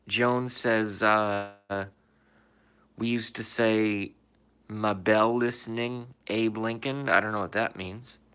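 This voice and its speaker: Slow, fairly low and fairly even in intonation, this man's voice comes across pushed and bright, clear and resonant. He's indoors in his room hosting a casual livestream, reading chat comments aloud and answering them with swearing and emphatic rhetorical questions.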